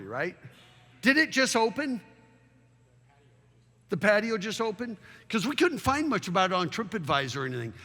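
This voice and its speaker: A man giving a public slide presentation as a town consultant, animated and full of rhetorical questions. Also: high voice. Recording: long reverb of a large hall.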